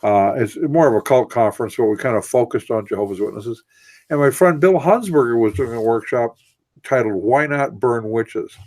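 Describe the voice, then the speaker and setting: A man's voice: medium pitch, fairly quick, darkish tone, dry recording. A man co-hosting a casual radio discussion, explaining in long, winding, earnest sentences. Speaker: co-host.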